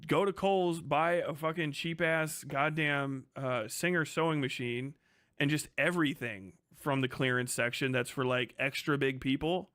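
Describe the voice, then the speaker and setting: A man's voice: a little high, steady tone, normal speed, a bit bright, dry recording, studio quality. A man streaming casual commentary, crude and sarcastic, rambling and swearing often.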